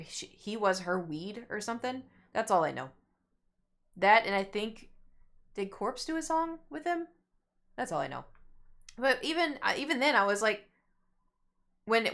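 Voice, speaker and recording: A young adult woman streamer casually telling a long story to her chat, rambling and acting out what people said. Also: mid-range voice. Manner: rambling, animated, acts out quotes.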